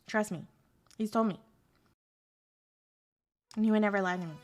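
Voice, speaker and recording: A woman's voice: mid-range voice, moderate pace, pauses often, soft background music. A young woman streamer chatting casually with her audience, sarcastic and joking as she answers chat.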